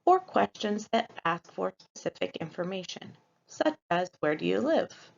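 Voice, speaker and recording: A woman's voice: mid-range voice, sing-song, a little slow, gravelly. A woman teaching a recorded Spanish lesson, explaining step by step and modeling example sentences aloud. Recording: dull lo-fi recording.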